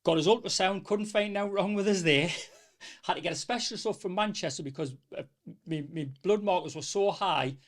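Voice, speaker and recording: Podcast guest, North East English man, middle-aged, slightly raised pitch, casual animated storyteller. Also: moderate pace. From North East England. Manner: rambling, animated storytelling with quoted dialogue. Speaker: small business owner, podcast guest.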